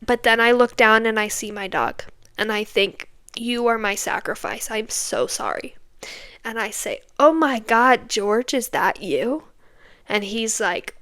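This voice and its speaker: A woman's voice: fairly high pitch, animated, measured pace, a bit bright. A young adult woman hosting a podcast, telling a candid, self-mocking story in a casual chatty way and tagging her lines with "okay?". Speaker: podcast host.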